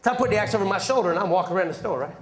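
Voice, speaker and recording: A man from North Carolina doing an energetic stand-up comedy set, telling stories with quick asides to the crowd. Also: sits high, noisy background. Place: comedy stage before a live audience. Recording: roomy live venue with loud crowd laughter. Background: audience laughter.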